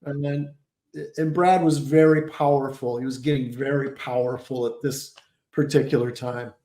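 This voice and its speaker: A man, a comedian guest from Detroit, telling animated stories and slipping into voices. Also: medium pitch, normal speed. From Detroit, Michigan. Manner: animated, lots of voices and laughs. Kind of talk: storytelling with impressions. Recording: roomy echo.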